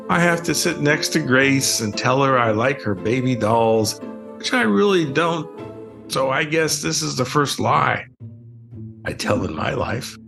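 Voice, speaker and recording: An older man reading a bedtime story aloud in a gentle, expressive storytelling manner. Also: medium pitch, creaky. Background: soft music.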